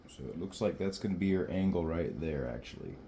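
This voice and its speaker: A man building a guitar, talking casually to camera as he works and thinking aloud with pauses. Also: deep voice, lively intonation, vocal fry, warm tone, slight background noise.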